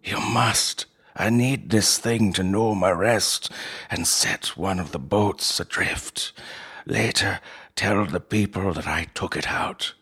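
A weary, solemn old uncle near death, as a male narrator voices him. The voice sits very deep and husky, and every word comes out low, hushed and grave. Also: slow, exaggerated voice.

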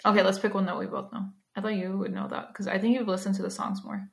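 A young woman co-hosting a casual podcast, chatty and quick to laugh, filling her talk with "like". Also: mid-range voice, little pitch movement, gravelly. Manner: chatty, says "like" a lot, quick bursts of laughter. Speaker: podcast co-host. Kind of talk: casual chat. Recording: roomy echo.

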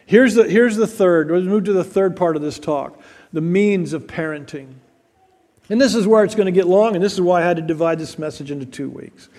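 A male pastor preaching a sermon in an earnest way, repeating words and slowing down for emphasis. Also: sits high, mellow, in a large hall.

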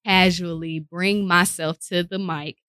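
A woman's voice: lowish voice, measured pace, no room sound. A woman radio personality talking casually in an interview, telling stories animatedly and acting out the voices of people she quotes, recorded in a studio. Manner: animated storyteller who acts out quoted voices.

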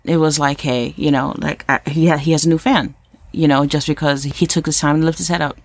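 A woman co-hosting a podcast, chatting casually and telling stories with animated, playful energy. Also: low-pitched, a little fast, no room sound. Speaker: podcast co-host. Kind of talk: casual chat.

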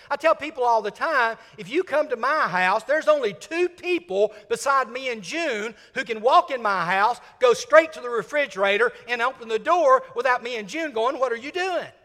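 An older man from Mississippi, preaching a sermon and swinging from loud emphasis to hushed, whispered lines. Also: extremely high pitch, big-room sound. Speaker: senior minister.

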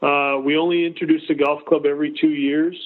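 A man's voice: on the high side, little pitch movement, a little fast. A man in his fifties, a guest on a casual interview, explaining at length with frequent restarts. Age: 50s. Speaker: golf company executive guest. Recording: tinny phone line.

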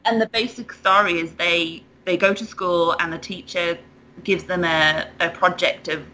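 Animated woman telling a story. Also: lowish voice, normal speed, slight background noise, low-quality recording. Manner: animated storyteller, laughs often. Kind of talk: casual chat.

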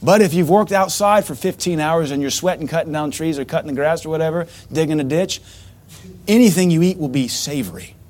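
A middle-aged pastor delivers a sermon in a slightly high voice. He swings from mocking asides into sudden loud outbursts. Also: brisk.

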